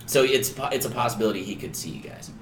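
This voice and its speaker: A man's voice: mid-range voice, lively intonation, fast talker, slight background noise. A man narrating as game master in a loose, filler-heavy, chuckling way. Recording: echoey room.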